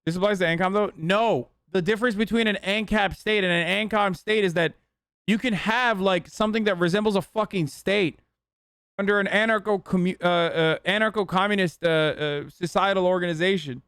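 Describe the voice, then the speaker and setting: A man's voice: high voice, brisk, a bit bright, clear, resonant tone, dry recording, clean studio sound. A young man casually reacting to a video, blunt and profane, swearing freely.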